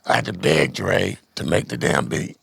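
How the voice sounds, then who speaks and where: A middle-aged man with a very deep, gravelly, husky voice. His pitch rises and falls widely as he tells reflective stories. The sound is dry and close to the mic. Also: huge pitch swings, normal speed, fairly bright tone, no room sound. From Dallas, Texas. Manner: reflective, storytelling, repeats words. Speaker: rapper guest. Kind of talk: casual interview conversation.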